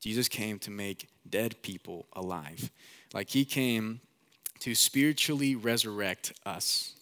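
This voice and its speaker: A young man preaching a sermon as the pastor, in a casual, animated way, acting out quotes. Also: on the low side, unhurried.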